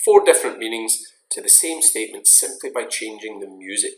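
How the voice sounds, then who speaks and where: A man giving a recorded online lecture in a measured, explanatory way, stressing key words. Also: on the low side, animated. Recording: roomy echo.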